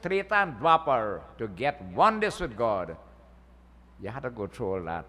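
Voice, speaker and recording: With a mid-range, very animated voice that's bright and forceful, a man speaks at normal speed. He's a pundit preaching a folksy Hindu sermon in a temple hall, repeatedly asking listeners "eh?", with long hall reverb on the recording.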